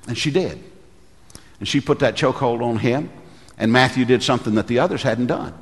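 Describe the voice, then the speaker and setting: A middle-aged pastor with a lowish voice preaches at normal speed, his sound carrying a big-room quality. His sermon is built on folksy stories, and he acts out the voices of the people he quotes.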